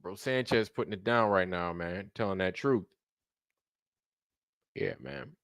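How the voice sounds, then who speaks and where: A man's voice: fairly low pitch, measured pace, gravelly, fairly bright tone, no room sound, clean studio sound. A man hosting a late-night livestream, rambling casually and profanely while answering viewers in the chat. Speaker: livestream host.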